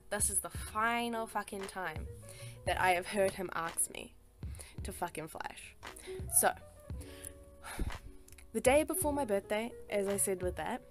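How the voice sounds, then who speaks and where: A woman narrates a personal story in a loose, casual voice-over at a middling pitch. She sounds exasperated and emphatic, swears often and peppers her sentences with "like" and "sis." Soft music plays faintly underneath. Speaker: storytime artist.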